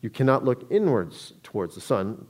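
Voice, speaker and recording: A man's voice: medium pitch, very animated, normal speed, a little mellow, breathy edge. A man giving a public talk to an audience, telling a story in a conversational way with frequent restarts.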